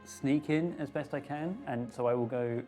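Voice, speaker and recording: A man's voice: mid-range voice, normal speed, warm tone. Male player, mid voice, hesitant, filler-starting lines, faint music behind. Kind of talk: casual tabletop play.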